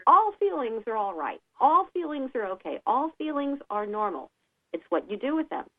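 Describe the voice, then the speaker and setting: Calm woman on a tinny phone line. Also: normal speed. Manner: calm, explanatory, acts out children's lines in a higher voice. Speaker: guest expert on child behavior. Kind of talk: radio interview.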